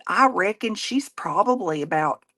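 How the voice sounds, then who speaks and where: A woman's voice: mid-range voice, animated, normal speed, a bit bright. A woman, chatting casually and folksily while she crafts, rambling and laughing often. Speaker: craft show host; nurse.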